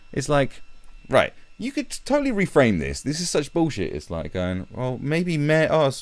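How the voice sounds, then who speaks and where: A man's voice: medium pitch, dry recording. A man ranting sarcastically and swearing heavily as he reads and picks apart statistics on a live stream.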